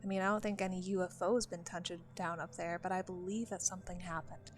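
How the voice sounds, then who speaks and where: A woman's voice: level tone, fast, faint music behind, close to an everyday voice. A woman doing a drawling southern park ranger. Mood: confiding. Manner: drawling, folksy, lowers voice confidingly. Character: middle-aged male park ranger, thick southern drawl.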